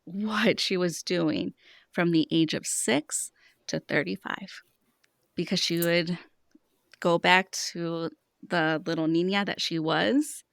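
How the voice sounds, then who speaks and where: A woman's voice: fairly low pitch, fairly even intonation, slow pace, gravelly, no echo, clean studio sound. A woman in her thirties, a money coach, talking earnestly on a podcast and explaining with stories about her clients. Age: 30s. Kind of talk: podcast conversation, storytelling.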